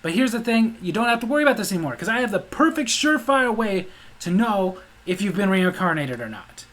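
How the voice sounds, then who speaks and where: High-voiced man ranting incredulously. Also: very animated, fairly quick, fairly bright tone. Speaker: vlog host. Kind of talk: comedic monologue.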